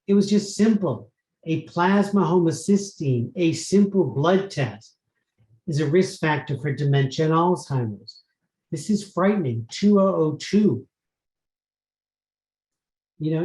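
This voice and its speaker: A man giving an earnest clinical lecture on prevention, emphatic and pausing on fillers as he goes. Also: on the high side, a little mellow. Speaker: psychiatrist lecturer. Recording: echoey room.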